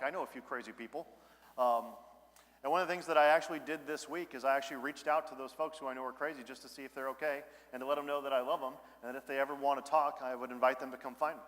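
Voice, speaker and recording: A man preaching a sermon in a relaxed, conversational way, speaking frankly to his congregation and acting out little exchanges. His voice sits a bit high for a man. The sound carries a long reverb from a church sanctuary. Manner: conversational, candid preaching with acted-out asides. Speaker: pastor.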